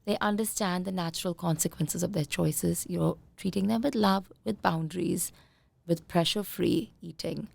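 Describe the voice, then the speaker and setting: Woman coaching in a gravelly voice. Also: lowish voice, normal speed. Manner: calm, coaching tone, acts out parents' voices. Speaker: conscious parenting coach, guest. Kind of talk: podcast interview.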